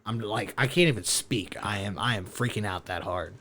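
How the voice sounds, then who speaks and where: A man, a podcast guest, telling a story in a casual chat, animated, swearing and laughing as he goes. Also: lowish voice, moderate pace. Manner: animated, profane, laughing through his story.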